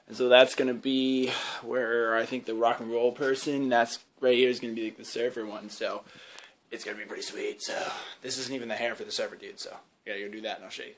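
Young dude vlogging behind the scenes, rambly and excited, lots of ums, medium voice. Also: male voice, medium pitch, a little fast. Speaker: YouTube creator. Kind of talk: casual behind-the-scenes vlog. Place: indoor home video set with lights.

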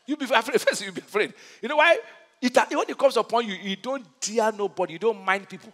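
Pastor guy preaching loud and emphatic, high bright voice, big echoey church hall. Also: animated, fast. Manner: emphatic preaching with call-and-response questions. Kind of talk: sermon.

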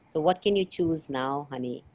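A middle-aged woman coaching a participant, asking probing questions and gently teasing. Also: low voice, normal speed, a little hiss or hum, poor audio. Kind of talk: coaching conversation.

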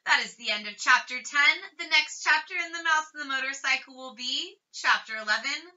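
A woman reads a children's chapter book aloud with steady, expressive storytelling. Her voice is bright and a little high. The recording sounds dull and somewhat distant from the mic. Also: a little fast. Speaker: reader.

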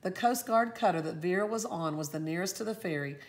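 A woman teacher reading a storybook aloud with expressive, lively storytelling. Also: lowish voice, brisk.

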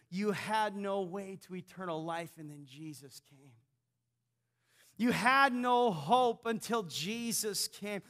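High bright-voiced excitable male pastor. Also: slow. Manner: storytelling, swings from hushed to shouting. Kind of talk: sermon. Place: church.

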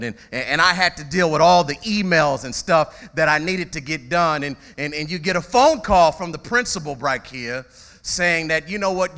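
A male pastor giving a conversational sermon, calling out to his congregation and often repeating words as he starts a phrase. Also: a little high. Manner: animated, conversational preaching with call-outs to the congregation.

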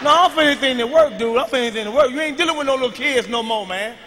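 A man with a high, bright voice does stand-up, loud and profane, and shouts out his punchlines. He is recorded live in a big arena on a handheld mic. A long reverb trails each line, with a faint hum of the room underneath. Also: rapid-fire. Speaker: stand-up comedian. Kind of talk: stand-up routine. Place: large arena stage with live audience.

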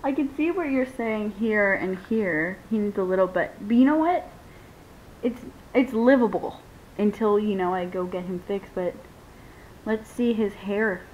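A young woman in casual unboxing chat who gushes, squeals and laughs often as she talks to her viewers. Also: a little slow. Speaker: vlogger unboxing a reborn doll. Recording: dull lo-fi home video with faint rumble.

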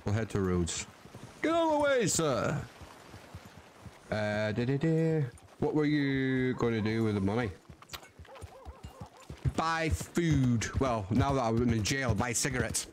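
A man plays a western character in a slow, drawling voice that swings up and down a lot. He swears and cracks jokes between lines. Horse hooves and a faint hiss sit under his voice. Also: medium pitch, expressive. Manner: drawling folksy cowboy talk, swearing, laughing at himself. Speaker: roleplay streamer. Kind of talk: in-character roleplay with out-of-character asides.

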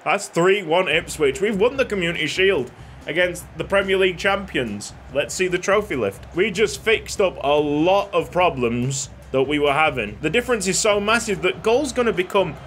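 A man giving excitable play-by-play commentary on his own football video game, shouting and laughing when goals go in. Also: sits high, moderate pace, slight background noise. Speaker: gaming YouTuber.

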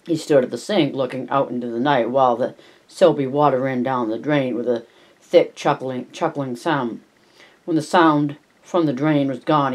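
Slow, deliberate male audiobook reader. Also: medium pitch. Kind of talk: reading a novel aloud with personal asides.

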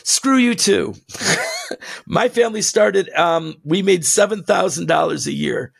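A man co-hosting a podcast who rants in a heated, blunt way, laughing between his jabs, with a gravelly voice. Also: sits high, unhurried. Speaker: podcast co-host. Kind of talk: impassioned ranting podcast talk.

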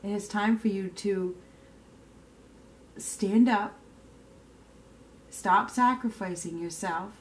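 A woman reads tarot cards in a casual, unscripted way. She is blunt and emphatic, repeats her points and tags them with "okay?", and swears without a second thought. Her voice sits at an ordinary middle pitch. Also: takes it slowly, long pauses. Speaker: tarot reader. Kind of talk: casual tarot card reading.

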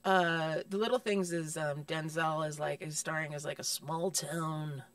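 A woman comedian telling profane, animated stories in a casual podcast chat, slipping into put-on voices. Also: low voice, measured pace, no room sound, recorded from a distance. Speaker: guest comedian.

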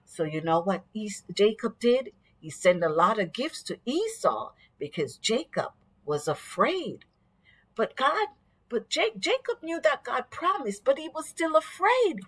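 A woman's voice: fairly high pitch, sing-song, measured pace, breathy edge. A woman teaching at a vacation Bible school. She tells a Bible story to children expressively and keeps asking them questions.

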